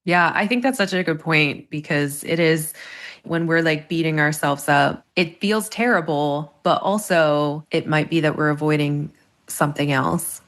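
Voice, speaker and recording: A woman's voice: sits low, a little slow, a bit bright. A woman hosting a podcast interview, affirming and reflective as she asks questions. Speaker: podcast host.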